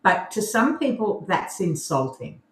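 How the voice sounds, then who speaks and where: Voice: medium pitch, big pitch swings, unhurried, reverberant, a little hiss or hum. An Australian podcast co-host in casual chat, laughing often and poking fun at themselves. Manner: chatty, laughs often, self-deprecating.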